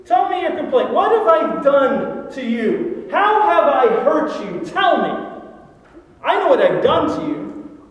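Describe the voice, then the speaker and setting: A man's voice: extremely high pitch, big pitch swings, exaggerated voice. A man voicing God as a commanding divine figure, stretching out emphatic questions. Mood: pleading. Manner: emphatic, drawn-out pleading questions. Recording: echoey hall from far off.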